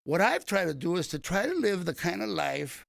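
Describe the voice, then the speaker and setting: An older man from East Los Angeles spins a long personal story in a gravelly, slightly high voice, stopping and restarting as he goes. His voice sits close and dry, the way it sounds in a radio studio. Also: very animated, normal speed, a bit bright, no echo. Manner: rambling anecdotes with many restarts and fillers. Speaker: comedian guest. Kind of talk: casual storytelling interview.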